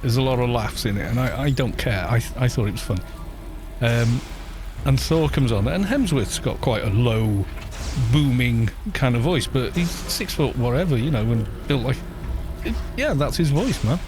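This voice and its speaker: Male streamer, soft and gentle, loose rambling chat at an average pitch. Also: lively intonation, normal speed, music in the background. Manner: quiet, gentle voice; rambling, with frequent restarts and soft laughs. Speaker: game streamer. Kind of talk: casual live-stream chat while gaming.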